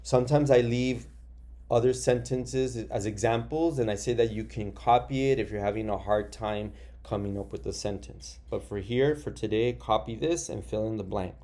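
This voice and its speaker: A man teaching young students in a recorded lesson, explaining patiently and slowly with many fillers. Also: on the low side, mellow. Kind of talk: recorded remote class lesson.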